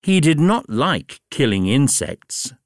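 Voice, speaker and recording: A man narrates a simple storybook for language learners at a very slow, deliberate pace. His pitch rises and falls dramatically to keep it lively. The recording is dry and close. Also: dry recording. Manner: very slow, clear, highly expressive reading. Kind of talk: graded reader storybook narration.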